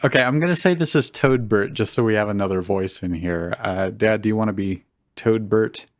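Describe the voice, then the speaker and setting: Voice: medium pitch, fairly quick, no room sound. A host who laughs often and chats casually while casting parts for a live fan fiction reading.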